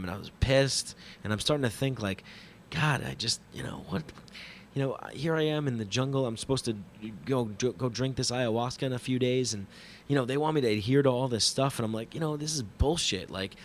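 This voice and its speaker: Man, mid-pitch, swearing storyteller, faint noise behind, casual monologue host. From New York. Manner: profane, animated, self-mocking retelling. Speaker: podcast host telling a travel story.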